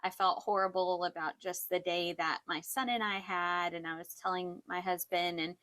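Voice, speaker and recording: A woman's voice: on the low side, steady tone, normal speed, a bit bright. A woman in her thirties co-hosting a casual faith-based chat, earnest and reflective, often laughing. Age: 30s. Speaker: podcast co-host.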